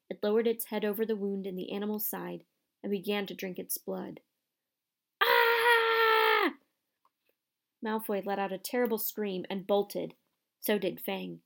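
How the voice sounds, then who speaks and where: Woman audiobook narrator, mid pitch, gravelly, steady storytelling.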